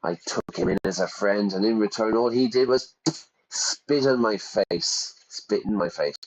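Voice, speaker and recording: A man voicing a middle-aged male president who has just lost office, shrill and self-pitying as he reads game dialogue aloud. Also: a little slow. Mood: aggrieved. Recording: dull lo-fi recording.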